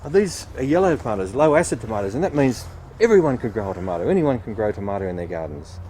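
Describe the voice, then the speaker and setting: A man working as a nurseryman, explaining gardening steps with patient, cheerful energy. His pitch moves a lot as he talks, and faint outdoor traffic sits behind him. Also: big pitch swings, fast, dark tone. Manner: patient, upbeat explaining while digging and planting. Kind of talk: garden how-to demonstration.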